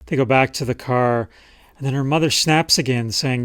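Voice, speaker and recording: A man's voice: medium pitch, moderate pace, fairly bright tone, smooth, no echo, clean studio sound. A man talking casually as a writing coach, explaining memoir writing and reading passages from a client's work. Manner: conversational, reads passages aloud from a client's memoir. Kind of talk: casual teaching talk.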